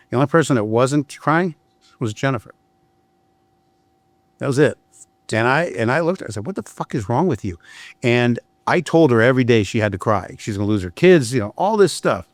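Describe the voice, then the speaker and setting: A man's voice: mid-range voice, animated, brisk, no echo. A middle-aged man, a criminal defense attorney, telling blunt, profane stories in a candid podcast conversation. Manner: blunt and profane, storytelling with frequent restarts.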